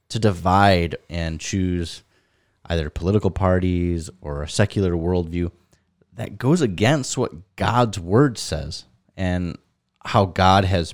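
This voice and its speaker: A man's voice: sits low, no room sound. A man co-hosting a faith podcast in casual chat, teasing his co-host dryly. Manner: dry teasing banter.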